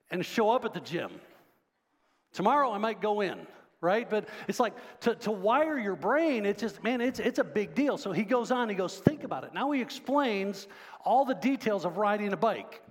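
A man's voice: high voice, long reverb tail. A man preaching a sermon as pastor, talking conversationally and quizzing the congregation. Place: church sanctuary.

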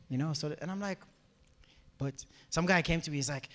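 High-voiced pastor in an echoey hall. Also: male voice, brisk. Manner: animated storyteller acting out quoted voices. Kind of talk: testimony sermon. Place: church hall before a congregation.

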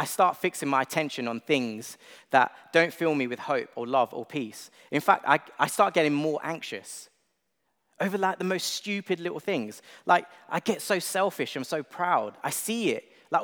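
A young man preaching a sermon in a relaxed, conversational and self-deprecating way, with plenty of filler words. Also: a little high, normal speed. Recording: long reverb of a large hall.

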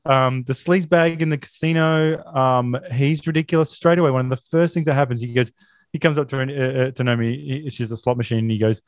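A man hosting a podcast, chatting about a film in an animated, incredulous way and swearing freely. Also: medium pitch, brisk, dry recording. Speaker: podcast host. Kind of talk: casual film-review chat.

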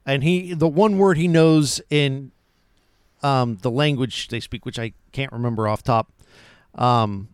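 A man's voice: medium pitch, steady tone, a little slow, smooth, no room sound, studio quality. A man co-hosting a podcast, casually retelling film scenes and chatting. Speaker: podcast co-host.

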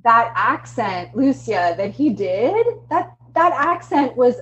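A woman's voice: on the high side, sing-song, takes it slowly, a bit bright, lo-fi sound, slight background noise. A woman co-hosting a casual podcast, talking emphatically and laughing often. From Canada. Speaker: podcast co-host. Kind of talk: casual chat.

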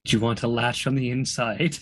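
A man with a husky voice, running a tabletop game and teasing the players in a wry way. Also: medium pitch, little pitch movement, moderate pace. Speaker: game master. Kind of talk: casual game table chat.

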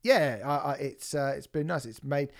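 English guy hosting a podcast, rambly and jokey, voice sits a bit high. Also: normal speed, creaky. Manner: rambling, self-deprecating, laughs often. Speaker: podcast host. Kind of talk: casual chat.

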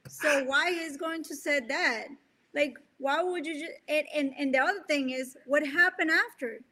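Bright high-pitched woman discussing scripture. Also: normal speed. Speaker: co-host, wife of the teacher.

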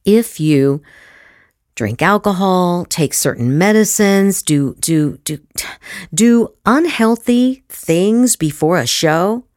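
A middle-aged woman giving an acting master class, emphatic and lively, slipping into demonstration voices. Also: low-pitched, no room sound, clean studio sound. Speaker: acting teacher.

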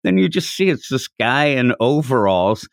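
This is a man with a middle-range voice, recorded close and dry with no room sound. He retells a comic chapter in relaxed podcast chat and acts out the lines as he goes. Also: mid-range voice, moderate pace, creaky, no room sound. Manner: animated storyteller who acts out the characters' lines. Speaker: podcast host.

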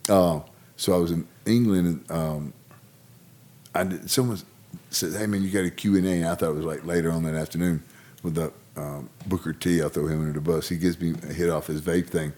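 Deep-voiced rambling man. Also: steady tone, fairly quick, darkish tone. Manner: rambling, laughing storyteller who acts out quotes. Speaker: podcast co-host, former wrestler. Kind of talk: casual storytelling chat.

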